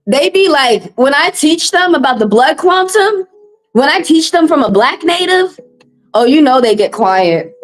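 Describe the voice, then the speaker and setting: Brief: higher-voiced woman, tarot livestream host, passionate and profane. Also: rough recording. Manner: impassioned, profane, blunt. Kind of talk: heated livestream monologue.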